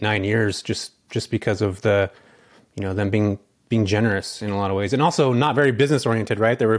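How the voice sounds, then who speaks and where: Fast-talking man telling his story. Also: lowish voice. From California. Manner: fast, chatty storyteller with many fillers. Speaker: guest, real estate investor. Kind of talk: casual interview talk.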